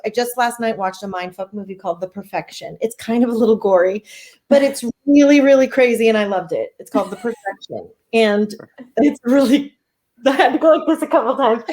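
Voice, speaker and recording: A woman's voice: on the high side, animated, fairly quick, mellow. A middle-aged woman, an author as interview guest, gushing and swearing casually as she chats.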